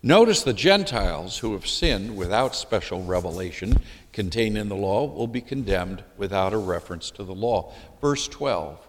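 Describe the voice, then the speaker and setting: A man preaches a sermon with an animated, rising-and-falling delivery, firing questions at his congregation. His voice carries a long reverb from a large hall. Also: on the low side, moderate pace, slight background noise. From Michigan, USA. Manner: emphatic, puts questions to the congregation.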